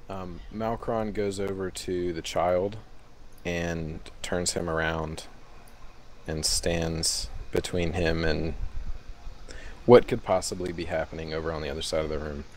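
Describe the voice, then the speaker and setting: A man playing a tabletop role-playing game, hesitant and deliberate. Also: deep voice, steady tone, slight background noise. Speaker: player.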